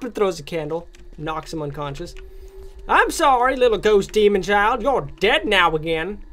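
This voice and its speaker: A man hosting a gaming channel, giving excitable let's play commentary on a horror game and ranting at it in jest. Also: high-pitched, unhurried, pauses often.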